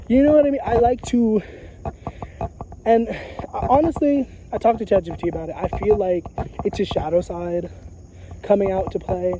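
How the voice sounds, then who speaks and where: Casual vlogger, male, high voice, dull lo-fi audio, rambling and profane. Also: a little fast, background noise. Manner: profane, repetitive, emphatic, frequent filler phrases. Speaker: psychic vlogger. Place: outdoors in a graveyard.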